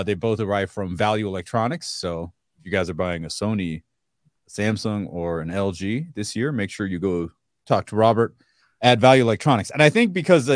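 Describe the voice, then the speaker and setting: A man's voice: lowish voice, no echo, studio quality. A man co-hosting a podcast in casual chat, laid-back and laughing between phrases. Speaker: podcast co-host.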